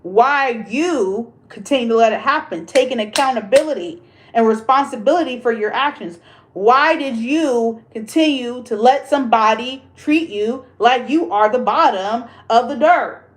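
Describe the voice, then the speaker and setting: A woman with a slightly high voice talks straight to her livestream viewers. She is blunt, emphatic and profane, ranting in a casual chat. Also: expressive, moderate pace, slight background noise. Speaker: livestream host.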